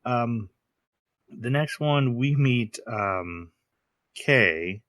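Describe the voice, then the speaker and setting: A man co-hosting a podcast, retelling anime scenes in a casual, animated way and often laughing as he goes. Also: medium pitch, drawn-out words, no room sound. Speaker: podcast co-host. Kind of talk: casual chat recapping an anime episode.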